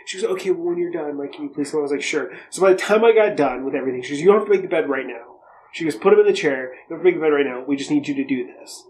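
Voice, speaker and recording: A man's voice: a little high, racing, a little mellow, poor audio. Rambling, profane young man. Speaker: podcast co-host. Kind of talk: casual chat.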